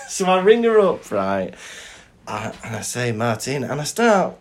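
A man, chatting as a podcast co-host. He tells his stories with animation and laughs often. His voice sits at a middle pitch. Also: sing-song, a little slow. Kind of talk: casual chat.

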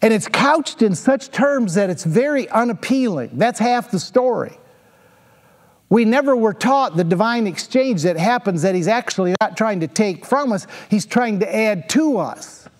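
A high-pitched male pastor delivering a sermon. He drives his points home with emphatic, repeated questions and phrases. His voice trails off in the long reverb of a large hall. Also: expressive, moderate pace. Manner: emphatic, repetitive rhetorical questions.

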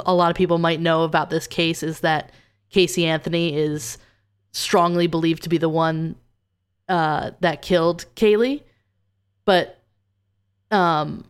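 A woman's voice: low voice, smooth. A woman co-hosting a true crime podcast, talking casually and hesitantly, often restarting and trailing off. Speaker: podcast co-host.

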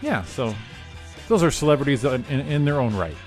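A man's voice: medium pitch, sing-song, brisk, darkish tone, soft background music. A man co-hosting a morning show, chatting casually in a jokey, rambling way with lots of fillers. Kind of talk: casual radio banter.

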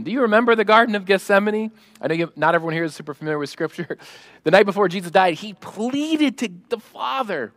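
Preaching as a pastor, this man delivers an animated sermon, acting out prayers, quoting in a raised voice, and laughing often. His voice is high, he speaks at a normal speed, and the recording is dry.

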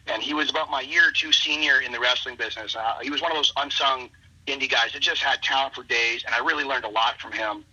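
A man with a very bright but husky voice spins a casual anecdote, doubling back and restarting his sentences as he goes. The audio is dull and lo-fi, like a remote call. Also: medium pitch, fast. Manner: rambling, animated anecdote with many restarts. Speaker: wrestler guest. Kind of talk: casual storytelling.

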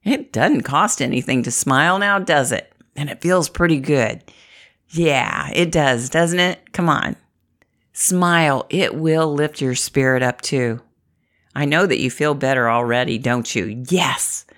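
A woman's voice: low voice, unhurried, a bit bright. A middle-aged woman from the Midwest, talking to camera in a chatty, encouraging way and laughing often. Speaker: inspirational vlogger. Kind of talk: upbeat motivational talk to camera.

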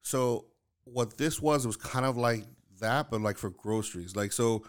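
A man's voice: medium pitch, moderate pace. A man from New York chatting casually, rambling and searching for his words with lots of fillers. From New York, Lower East Side Manhattan. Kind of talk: casual chat.

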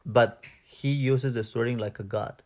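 A man's voice: mid-range voice, fairly even intonation, measured pace, a little mellow. A man from Mexico with a Mexican Spanish accent, co-hosting a podcast in casual chat, rambling and correcting himself as he hunts for English words. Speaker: podcast co-host.

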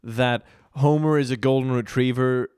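A male podcast guest who jokes around and flares into mock outrage. His voice has an ordinary pitch. The sound is close and dry. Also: moderate pace, smooth, no echo. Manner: excitable, jokey, bursts into mock outrage. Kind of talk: casual chat.

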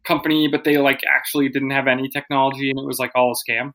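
A man's voice: medium pitch, flat delivery, quick pace, fairly bright tone, low-quality recording. A man hosting a podcast, joking around and leading the segments in casual chat. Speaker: podcast host.

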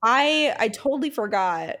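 A woman's voice: fairly high pitch, animated, a little slow, a bit bright. A woman co-hosting a podcast in casual chat, blunt and sarcastic, swearing freely. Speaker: podcast co-host.

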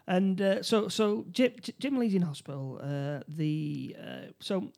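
A man's voice: sits high, fairly even intonation, creaky, darkish tone. A man in casual conversation, recapping a film plot with frequent restarts and short acted-out quotes. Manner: halting, many restarts, acts out quotes. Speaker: podcast co-host.

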